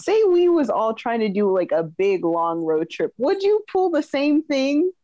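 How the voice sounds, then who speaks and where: A woman's voice: a little high, sing-song, unhurried, warm tone, no room sound, lo-fi sound. Female podcast co-host from California; playful, teasing delivery, close and dry. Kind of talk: casual podcast chat.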